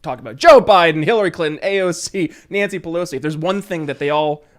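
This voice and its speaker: Man, high voice, earnest, measured, casual panel talk. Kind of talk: casual political panel chat.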